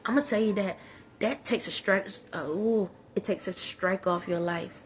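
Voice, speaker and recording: A woman talks straight to her viewers in a casual, preachy way, hammering her points home by repeating them. Her voice sits at an ordinary middle pitch. A faint noise runs under the recording. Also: brisk. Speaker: vlogger giving life advice. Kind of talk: casual spoken pep talk.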